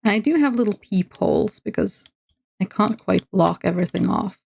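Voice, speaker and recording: A woman's voice: mid-range voice, lively intonation, normal speed, gravelly, darkish tone, slight background noise. A Norwegian woman, speaking English with a Norwegian accent, chatting casually with her viewers while playing a game on a livestream. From Norway. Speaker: streamer. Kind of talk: casual gameplay livestream chat.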